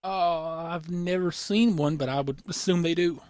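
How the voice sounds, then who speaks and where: A young man hosting a casual podcast, rambling excitedly with lots of fillers and restarts, his voice a little worn. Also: fairly high pitch, moderate pace, no room sound, studio quality. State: losing his voice. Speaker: podcast host.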